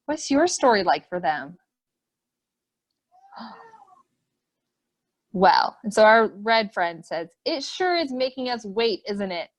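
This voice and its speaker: Animated woman reading to preschoolers. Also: fairly high pitch. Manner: animated, full of questions and gasps for children. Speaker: children's program host. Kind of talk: reading a picture book aloud to preschoolers. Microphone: webinar computer mic.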